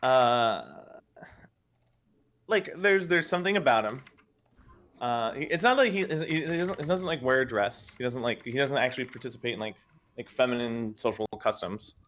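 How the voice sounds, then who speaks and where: A man's voice: medium pitch, expressive, moderate pace, fairly bright tone. A man talking as a guest on a live stream, hesitant and full of fillers as he builds his point. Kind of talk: casual debate chat.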